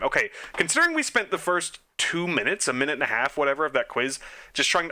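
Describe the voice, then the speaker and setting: A man's voice: medium pitch, pushed and bright. A young man casually thinking aloud as he plays trivia quizzes, muttering answers and making self-deprecating, chatty asides. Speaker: quiz game let's player.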